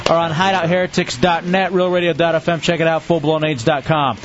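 A man's voice: a little high, level tone, fairly quick. A male radio host with a blunt, exasperated manner who bickers with his co-hosts and rattles off show promos. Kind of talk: radio talk show banter and plugs. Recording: dull lo-fi radio broadcast with faint music.

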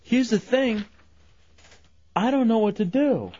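A man hosting a call-in radio show, telling stories in an animated way. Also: very high voice, takes it slowly. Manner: animated, storytelling. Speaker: radio host. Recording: dull lo-fi radio broadcast.

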